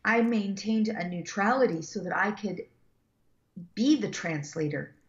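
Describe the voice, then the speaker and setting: A woman guest talking as an animal communicator, telling stories in a rambling, animated way with many fillers and restarts. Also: medium pitch, unhurried, dull audio. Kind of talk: casual storytelling interview.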